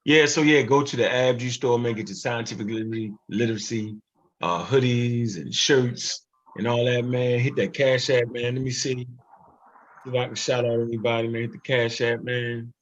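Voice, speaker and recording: A man's voice: medium pitch, fairly even intonation, moderate pace. A man hosting a livestream show in a loose, casual way, tagging "man" onto his phrases. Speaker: show host. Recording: muffled lo-fi audio.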